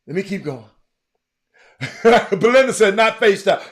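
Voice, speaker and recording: Animated man teasing his viewers. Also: high voice, normal speed. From Texas. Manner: animated, teasing viewers by name, often shouting. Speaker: livestream host talking sports. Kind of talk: casual live stream chat with viewers.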